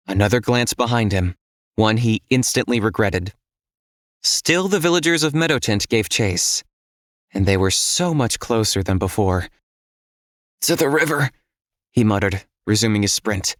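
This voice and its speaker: A man narrating an audiobook in a steady, measured storytelling voice. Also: lowish voice, dry recording, clean studio sound.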